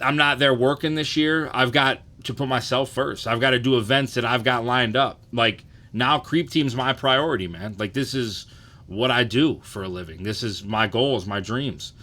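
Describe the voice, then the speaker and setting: A man's voice: medium pitch, pushed and bright. A man in his thirties hosting a casual livestream, loose and profane, often asking "you know what I'm saying". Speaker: livestream host.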